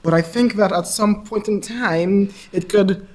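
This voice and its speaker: A man with a stammer in a casual discussion, halting and repeating words, laughing at himself. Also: sits high.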